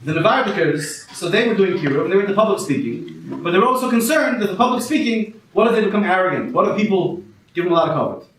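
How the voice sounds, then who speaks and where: Here the same kind of set continues: a man with a high, expressive voice jokes at a quick clip, mixing in Hebrew and Yiddish, in front of a crowd at a small comedy spot. Captured from far away, the room echoes with laughter and a slight background hiss.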